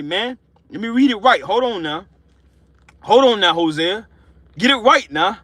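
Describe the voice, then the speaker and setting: A man preaching an informal sermon, fervent and emotional, repeating himself and slowing down to read scripture aloud. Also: high-pitched, lively intonation, sharp tone, no echo. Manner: emotional, fervent, repetitive, slows down reading scripture. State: excited and sweating.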